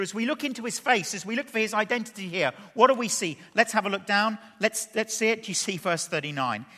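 A man preaching in a lively way, firing questions at his listeners and slipping in playful asides. His voice sits high and sounds bright and forceful. A long hall reverb trails behind him. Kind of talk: expository sermon.

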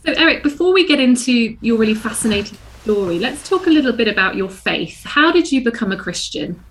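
A woman's voice: fairly high pitch, animated, brisk, a little hiss or hum. A woman hosting a radio interview show, reading a polished introduction and asking curious questions.

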